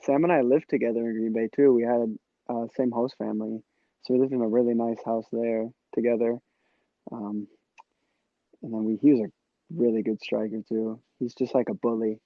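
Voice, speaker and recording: A man's voice: mid-range voice, flat delivery, moderate pace, no echo. Easygoing young man on a dull, dry podcast mic. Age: 20s. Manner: easygoing, laughs often, chatty with many fillers. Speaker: podcast guest, former player. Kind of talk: casual chat.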